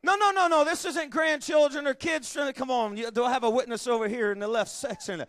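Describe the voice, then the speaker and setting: A man preaching a revival sermon as a visiting evangelist, animated, with frequent "uh" fillers, swinging from quiet storytelling to shouting. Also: very high voice, fairly quick, no echo, clean studio sound. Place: church service.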